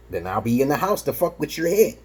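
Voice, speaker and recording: Husky, animated man from Brooklyn. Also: on the high side. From Brooklyn, New York. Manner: boastful, provocative, profane; peppers talk with "okay?". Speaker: vlogger. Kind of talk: rambling casual monologue.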